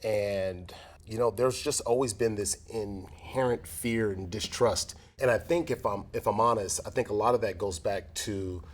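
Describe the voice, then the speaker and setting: A man's voice: on the low side, normal speed. A man from South Central Los Angeles in a candid conversation, telling a personal story in an earnest, reflective way and often restarting his sentences. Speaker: former pro athlete in conversation.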